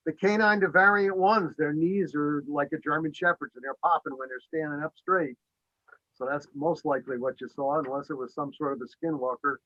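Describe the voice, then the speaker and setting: Eager, higher-voiced male host. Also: steady tone, a little fast, a bit bright, dry recording. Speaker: podcast host interviewer. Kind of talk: interview questions. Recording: dull dry remote recording.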